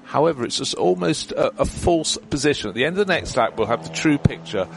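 A man's voice: mid-range voice, expressive, a little fast, vocal fry, a little hiss or hum. A man commentating on a motor race, explaining strategy in detail with a chatty manner.

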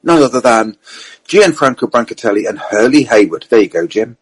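A man telling motorsport anecdotes in casual, animated chat, full of fillers and asides. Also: medium pitch, a little fast, husky, poor audio. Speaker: motorsport storyteller on a panel. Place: at a racing circuit event.

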